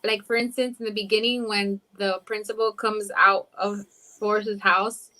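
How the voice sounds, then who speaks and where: A woman's voice: medium pitch, level tone, moderate pace, pushed and bright. A woman co-hosting a podcast in casual chat, talking with enthusiasm and laughing easily. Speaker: podcast co-host.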